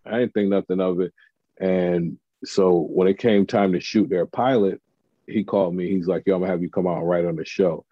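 Low-voiced man telling a story. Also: a little fast, dry recording, muffled recording. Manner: animated storyteller acting out quotes. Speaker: comedian and TV writer. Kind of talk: casual storytelling chat.

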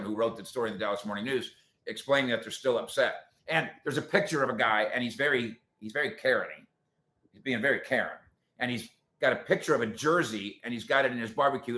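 A man hosts a casual sports talk show and rants opinionatedly at listeners. His voice is bright and forceful. The room has a noticeable echo. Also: medium pitch.

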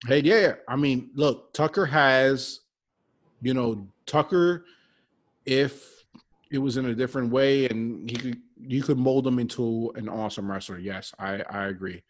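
A man's voice: medium pitch, a little slow. Rambling man in casual wrestling chat. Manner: rambling, animated, repeats himself.

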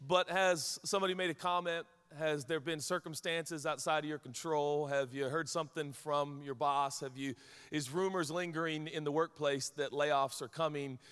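A man's voice: a little high, fairly even intonation, moderate pace, fairly bright tone, clean tone, long reverb tail. A man in his forties, a pastor giving a sermon in a candid, conversational, storytelling way. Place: large hall with congregation.

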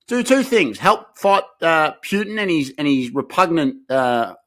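Laid-back Australian podcast co-host. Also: male voice, on the high side, sing-song, measured pace, a bit bright. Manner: laid-back banter with rambling restarts. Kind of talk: casual comedic podcast chat.

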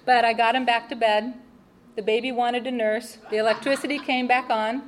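A woman telling a personal testimony, expressive and laughing at her own mishaps. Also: fairly high pitch, normal speed. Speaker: speaker sharing a personal testimony. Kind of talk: personal storytelling.

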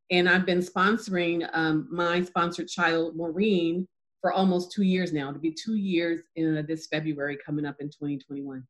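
A woman as an interview guest, telling a personal story in a lively way, acting out dialogue and laughing easily. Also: normal speed. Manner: animated storyteller, acts out dialogue with lively pitch jumps. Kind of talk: casual testimony interview.

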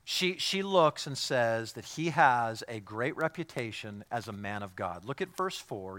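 Bright-voiced joking male pastor. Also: medium pitch, unhurried, few pauses. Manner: animated, jokey, acts out quoted voices. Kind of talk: sermon.

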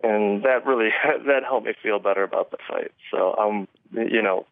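A man being interviewed over the phone about his fighting career, talking haltingly with many restarts and chuckles. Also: lowish voice, no room sound. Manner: halting, restarts often, chuckles between thoughts. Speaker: MMA fighter guest. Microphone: phone call. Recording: tinny phone line.

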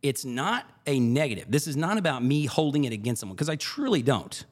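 Lively, fast-talking male podcast host. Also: medium pitch. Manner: animated, repeats phrases for emphasis. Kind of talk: casual podcast storytelling.

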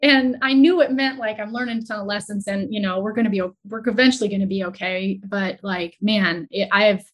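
Woman, guest, entrepreneur, earnest, halting, emotional storytelling. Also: medium pitch, fairly even intonation. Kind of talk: candid conversational storytelling.

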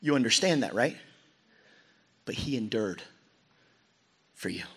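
A young man preaching a sermon, telling the story dramatically and acting out quoted voices, dropping to a hush and rising to a shout. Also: mid-range voice, animated, measured pace, husky. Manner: dramatic storytelling, swinging between hushed and shouted lines; acts out crowd voices in quoted asides.

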